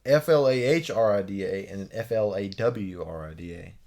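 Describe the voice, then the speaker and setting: A man's voice: fairly low pitch, moderate pace, vocal fry, darkish tone. A young man co-hosting a casual podcast, laughing often and reading pronunciation notes aloud. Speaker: podcast co-host. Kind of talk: casual chat.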